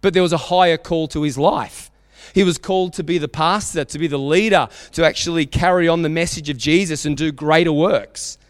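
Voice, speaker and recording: Animated Australian preacher in a church hall. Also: male voice, fairly high pitch, brisk, clean tone, clean studio sound. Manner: animated storytelling, acting out quotes. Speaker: pastor. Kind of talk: sermon.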